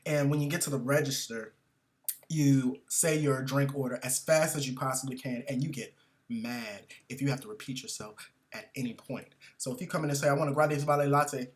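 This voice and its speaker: Profane, animated male comic ranting. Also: medium pitch. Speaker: comedian. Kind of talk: comedic storytelling rant.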